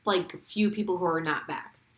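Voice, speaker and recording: A woman co-hosting a podcast, chatting casually, excitable and swearing freely. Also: fairly low pitch, moderate pace. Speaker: podcast co-host. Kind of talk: casual chat. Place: Las Vegas.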